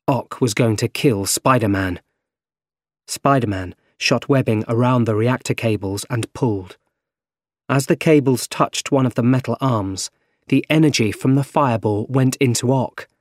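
Slow, careful male storybook narrator. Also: mid-range voice, no room sound, clean studio sound. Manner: slow, careful, plain reading. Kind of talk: scripted narration of a graded reader.

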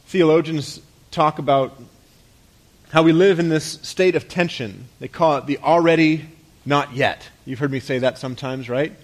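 A man preaches to his congregation in a relaxed, conversational way. His voice sits a little high, and he often sinks quietly at the close of a thought. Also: moderate pace. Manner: conversational preaching with rhetorical questions and soft drops at phrase ends. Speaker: pastor. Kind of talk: sermon.

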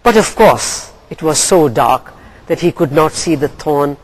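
Woman english teacher, slow and deliberate, voice goes up and down a lot. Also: low-pitched, husky, poor audio. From Pakistan. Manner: slow, deliberate, expressive reading. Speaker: English lecturer. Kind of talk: lecture with story reading.

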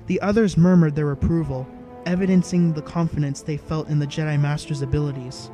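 A man reading a story aloud in an even, measured narration style. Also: a little high, soft background music. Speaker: audiobook narrator. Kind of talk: scripted narration.

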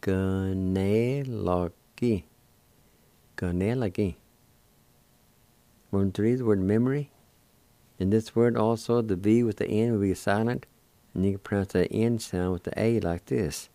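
A man with a Cherokee accent hosting a radio language lesson, slowly spelling words out letter by letter and pronouncing each syllable. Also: fairly low pitch, fairly even intonation, dark tone, no echo. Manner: slow, deliberate, spelling letter by letter. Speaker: radio language program host. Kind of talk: slow spelled-out pronunciation lesson.

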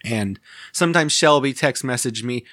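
A man co-hosting a podcast drifts from one story to the next and laughs at his own jokes as he goes. His voice sits at a middling pitch for a man. The sound is dry and close, with no room echo. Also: lively intonation, normal speed, sharp tone. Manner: laughs often, rambling and self-amused. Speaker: podcast co-host. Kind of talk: casual podcast chat.

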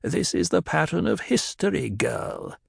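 A man's voice: a little high, huge pitch swings, unhurried, creaky, slightly rough, no echo, clean studio sound, voice pushed up, exaggerated voice. A man putting on a snappish sneering old woman. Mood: lecturing. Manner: sneering, cruel mimicry. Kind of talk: audiobook character reading.

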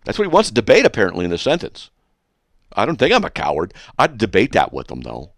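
A man hosting a radio show, reading a hostile letter aloud and mocking it with sarcastic, rambling, deadpan asides. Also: on the low side, fast, vocal fry, no echo.

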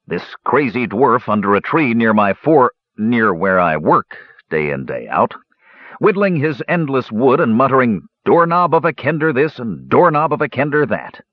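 A gruff, irritable dwarf who growls and snaps at his companions, put on by a male storybook narrator. The voice is husky and pushed above the reader's own register, with big swings in pitch. Recorded close, dry and slightly dull. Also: sing-song, normal speed, no echo.

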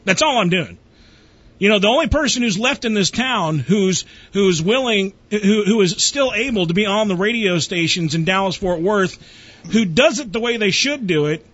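A man's voice: high-pitched, animated, normal speed, fairly bright tone, no echo. A man hosting a radio show, brash and joking in loose, crude banter. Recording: muffled lo-fi recording.

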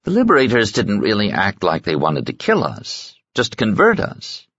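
An unflappable doctor speaks with a dry, half-amused edge. A man reading an audiobook voices him. His voice sits a touch above the reader's deep register. The recording is dry and a little muffled. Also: wildly swooping pitch, normal speed, fairly bright tone, no echo, heavily acted. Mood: wry. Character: wry, unflappable male doctor.

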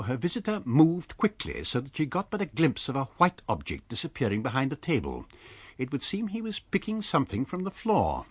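A man reading a classic novel aloud for radio, with measured storytelling and light character voices. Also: mid-range voice, a bit bright, slightly rough, no room sound. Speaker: audiobook reader.

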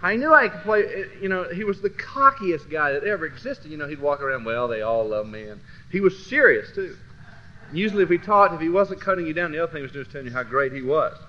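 Man, class teacher, storytelling, quiet then loud, fairly high voice, muffled recording, faint hiss. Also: quick pace. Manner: animated, swings from low murmurs to loud bursts.

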